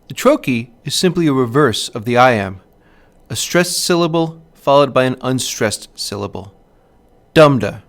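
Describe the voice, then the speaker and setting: Speaking at a medium pitch, a male teacher works through a scripted literature lesson, clear and measured, sounding out the stress patterns along the way.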